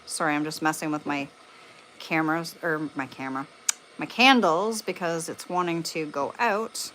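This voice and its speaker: A woman from Canada talks loosely to her livestream audience in a slightly low voice. She rambles, swears freely and fills gaps with "um" and restarts as she speaks from a candlelit room at home. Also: moderate pace, a bit bright, a little hiss or hum. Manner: rambling and profane, with many fillers. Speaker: paranormal livestreamer. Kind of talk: casual livestream chat.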